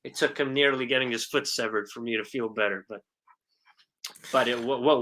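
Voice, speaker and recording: A man in his forties, an actor guest telling animated stories about his past film work in a casual interview. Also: medium pitch, normal speed, slight background noise. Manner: animated storyteller, acts out quotes, swears casually.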